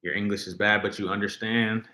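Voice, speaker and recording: Deep-voiced man chatting on a livestream. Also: steady tone, brisk, sharp tone, roomy sound. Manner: rambling, reads chat comments aloud. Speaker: livestream host. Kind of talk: casual livestream chat.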